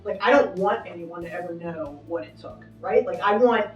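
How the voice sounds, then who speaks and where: A woman's voice: on the low side, normal speed, lo-fi sound. A middle-aged woman managing an arena, chatting casually and upbeat with many fillers while giving a backstage tour. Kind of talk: casual walking interview. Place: backstage in a large indoor arena. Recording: echoey, from a distance, faint music.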